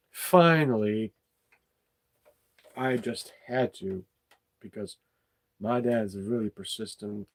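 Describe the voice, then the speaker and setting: A man's voice: on the low side, vocal fry, a little mellow, poor audio. A man hosting an unscripted talk show, telling a childhood story in a candid way and swearing freely. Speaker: podcast host.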